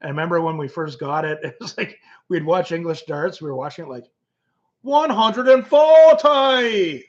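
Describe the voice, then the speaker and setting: A man from Canada hosts a loose livestream, answering viewers by name and wandering from topic to topic. His voice sits a little high, and he often repeats and restarts his words. The stream audio is dull and lo-fi. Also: fairly even intonation, quick pace, hardly any pauses. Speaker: livestream host. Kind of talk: casual livestream chat reading comments.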